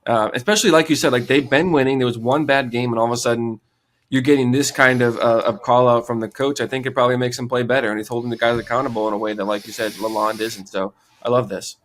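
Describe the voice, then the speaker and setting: A male co-host chats about hockey quickly and easily. His pitch sits in the middle. He agrees and adds short points in a casual way. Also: steady tone, fairly bright tone. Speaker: podcast co-host. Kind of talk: casual sports chat.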